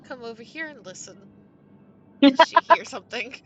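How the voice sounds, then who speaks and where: A woman's voice: high-pitched, fairly quick, muffled recording. A woman playing a tabletop game, chatting casually with lots of laughter and casual swearing. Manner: giggly, animated, swears casually. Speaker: player.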